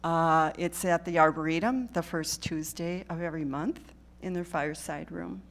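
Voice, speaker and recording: Woman, lowish voice, earnest, talking live to a church crowd, frequent check-ins. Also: moderate pace. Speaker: guest speaker at a church. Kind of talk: live talk to a congregation.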